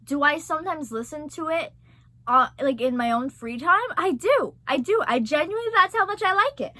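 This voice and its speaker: Gushing, excitable young woman. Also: high-pitched, normal speed, dry recording. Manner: gushing, excitable, swears a lot. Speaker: vlogger. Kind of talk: casual chat.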